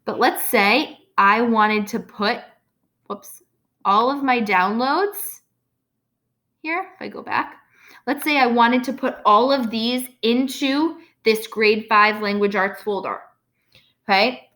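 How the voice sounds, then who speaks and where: A woman's voice: fairly high pitch, slow, pushed and bright. A woman teacher explaining a computer task step by step, often checking in with "okay?". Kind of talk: screen-recorded software tutorial.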